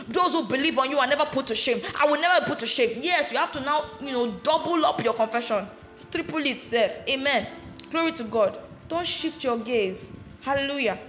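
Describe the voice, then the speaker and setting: A woman's voice: high-pitched, brisk, a bit bright, soft background music. A woman preaching a sermon with fervour, often calling out hallelujah and amen and repeating phrases for emphasis. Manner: addresses listeners directly and repeats phrases for emphasis. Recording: roomy, echoey sound.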